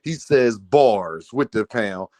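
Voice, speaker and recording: A man hosting a casual livestream, reading out donations and talking straight to his chat, animated and laughing often. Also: fairly low pitch, takes it slowly, no room sound. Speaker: livestream host.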